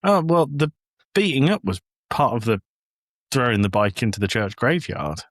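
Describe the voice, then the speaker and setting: Here the English podcast host, father of a young child, speaks at normal speed with a medium-pitched voice. The studio-quality recording has no echo as he chats casually, telling stories with animation and acting out quotes.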